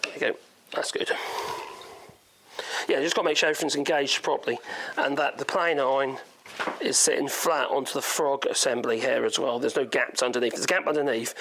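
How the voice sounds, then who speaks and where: Thinking aloud in his workshop, a man from Norfolk, England, gives a rambling, talkative woodworking demonstration in his local accent. His voice sits in the mid-range with a fairly bright tone.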